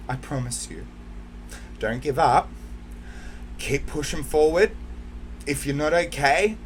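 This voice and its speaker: A man hosting his channel in an emotional, heartfelt monologue to the camera, near tears, swinging between hushed lines and loud bursts. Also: fairly high pitch, slight background noise. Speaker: channel host.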